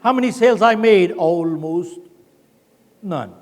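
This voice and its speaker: Older man, lively keynote storyteller, big hall echo. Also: high voice, a little slow. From India. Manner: animated storytelling with acted quotes. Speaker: keynote speaker. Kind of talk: motivational keynote speech. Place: large conference hall. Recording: long hall reverb.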